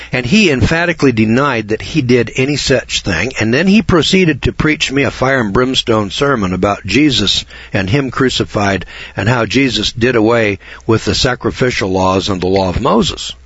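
An older man from Idaho telling a story, rambling and halting at first, then reading slowly and deliberately from notes. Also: mid-range voice, fairly bright tone, husky, dry recording, muffled recording. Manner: rambling, halting restarts, slow deliberate emphasis. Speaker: speaker telling a personal story.

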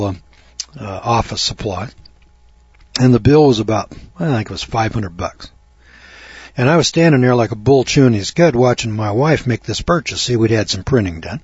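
An older man telling a long folksy story in a rambling talk, with many fillers and throat clearing. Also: fairly low pitch, darkish tone, no room sound, dull audio. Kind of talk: rambling spoken monologue.

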